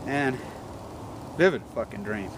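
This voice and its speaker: An environmental activist with a mid-range, expressive voice rambles about the environment outdoors, speaking a little slowly. He is agitated and profane, and the noisy outdoor recording picks up vehicle sounds.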